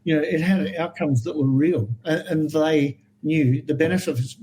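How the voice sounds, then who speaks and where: An Australian man telling animated stories as a guest in a podcast interview, acting out the voices of people he quotes. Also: fairly high pitch, normal speed, poor audio. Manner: animated anecdotal storyteller, acts out quoted voices. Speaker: guest herpetologist.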